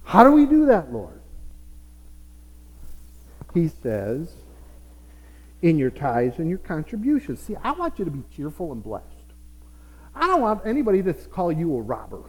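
A man preaching a sermon as pastor, with playful asides to his congregation. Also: a little high. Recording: reverberant hall.

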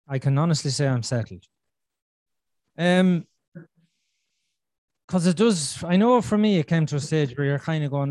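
A middle-aged man hosting a podcast, telling his own story candidly, swearing freely and talking with animated frankness. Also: fairly high pitch, moderate pace, pauses often, no room sound, clean studio sound. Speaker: podcast host.

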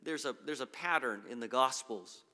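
A man's voice: mid-range voice, moderate pace, bright, forceful tone. A man preaching a sermon as pastor, earnest, with frequent restarts and repeated words. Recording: long hall reverb.

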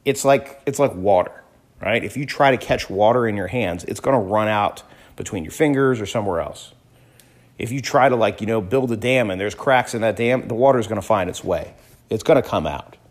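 A man's voice: on the low side, fairly quick. A man in his thirties, a father telling a story in a casual, conversational way, with frequent restarts. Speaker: father talking to camera. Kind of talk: casual vlog monologue.

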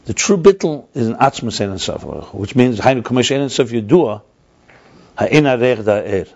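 The man's voice is medium in pitch and a little mellow, with lively intonation and a normal pace. Teaching a text class, he reads passages aloud and explains them step by step, often going over the same points, captured in a dull lo-fi recording.

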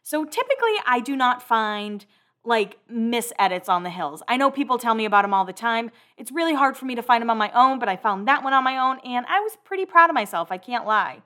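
A woman's voice: on the high side, very animated, a little fast, pushed and bright. A woman hosting a casual recap of TV episodes, chatty and full of "like" fillers.

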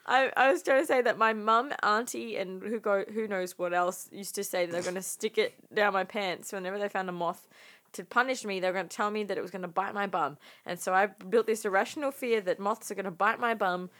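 A woman co-hosting a casual podcast chat, teasing and quick to laugh. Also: medium pitch, fairly even intonation, fairly bright tone.

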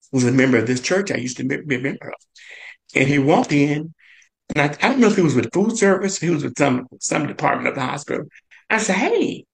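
Gravelly man telling a personal story. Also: low-quality recording. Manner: halting, many "and, uh" fillers; pitch leaps up when quoting others. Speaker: guest chef.

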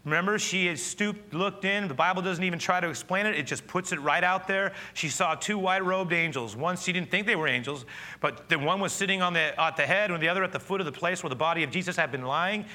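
A male pastor's high-pitched, fast voice drives an animated sermon as he tells the story. At moments his delivery drops to something hushed and intimate.

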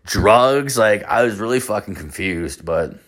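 A man in his late thirties with a somewhat low voice talks in a loose, rambling monologue. He swears constantly, piles on filler words and spins a story as the host of his own show. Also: lively intonation, measured pace, fairly bright tone. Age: late 30s. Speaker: podcast host.

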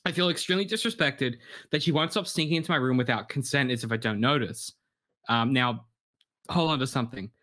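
A man's voice: mid-range voice, a little fast, pushed and bright. A man hosting an advice podcast, chatting casually, laughing often and reading out listener questions. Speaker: podcast host.

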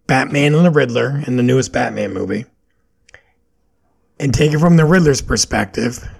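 Male podcast host, raspy with vocal fry; opinionated, questioning, loose and unscripted. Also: medium pitch. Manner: questioning, opinionated rambling with fillers. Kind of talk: solo podcast monologue.

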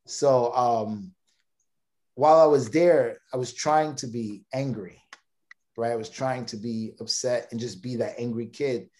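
His voice is mid-range and a little mellow, and he talks a bit slowly. The thirtysomething guest from Brooklyn, New York, rambles through a long personal tale on a podcast, stumbling over repeated words and restarting sentences.

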